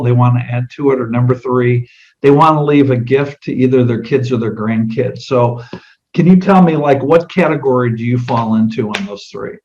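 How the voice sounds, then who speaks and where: A man's voice: medium pitch, darkish tone, highs cut off. A middle-aged man, an insurance agent, demonstrating a client sales meeting in a conversational way, asking many direct questions.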